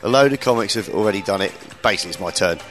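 A man in his late thirties, a comedian hosting a podcast, telling stories in casual chat, swearing freely and mimicking people in a high voice. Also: animated, rapid-fire, a bit bright, soft background music. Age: 30s.

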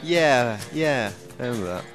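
A man's voice: mid-range voice, expressive, normal speed, a bit bright, faint music behind. A man co-hosting a podcast in casual chat, answering with short, dry remarks. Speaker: podcast co-host.

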